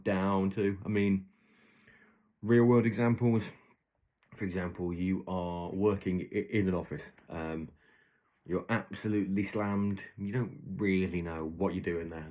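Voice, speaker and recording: This deep-voiced host, darkish in tone with fairly even intonation, speaks at a normal pace on his own podcast. In a relaxed solo monologue, he meanders through made-up examples, frequently starting over and amending his words.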